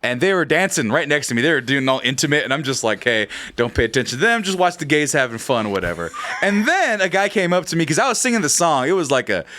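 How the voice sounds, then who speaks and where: A man's voice: a little high, very animated, fast talker, pushed and bright. A man casually telling a long funny anecdote on a podcast, acting out the voices and laughing often. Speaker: podcast co-host. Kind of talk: casual storytelling.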